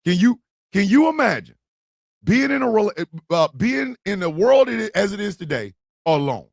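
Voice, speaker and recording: A man hosting a live streamed talk show, talking loudly and animatedly, often shouting and laughing. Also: sits high, very animated, normal speed, gravelly, dry recording, clean studio sound.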